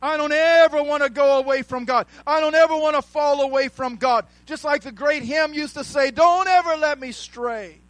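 A man preaches a sermon, calling out to the congregation, rising to shouts and slowly drawing out key words for emphasis. His voice is very high-pitched and steady in tone, recorded dry and rough.

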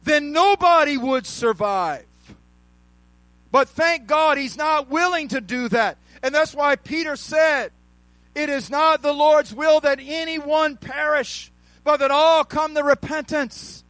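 Preacher guy with a really high voice, slow and drawn out, calls to the crowd, shouts sometimes. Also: no room sound, poor audio. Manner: calls out to the congregation, rising to shouts; slow, drawn-out emphasis on key words. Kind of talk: sermon.

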